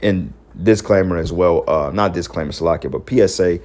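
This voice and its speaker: A man giving heated, profane preaching commentary, scolding his listeners and rising to shouts. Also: low voice, a little fast. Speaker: religious commentator.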